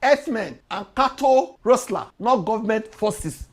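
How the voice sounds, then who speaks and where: A woman's voice: medium pitch, sing-song, normal speed, few pauses. A woman with a Nigerian accent giving argumentative political commentary, firing off rhetorical questions and slipping into Pidgin.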